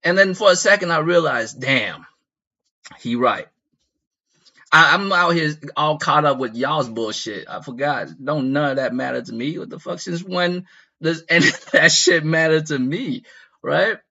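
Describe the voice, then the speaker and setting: A man's voice: a little high, moderate pace, gravelly, pushed and bright, dull audio. A man telling a rambling, profane story in a casual comedic way, often asking the listeners whether they follow. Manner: rambling, profane, laughs at his own story.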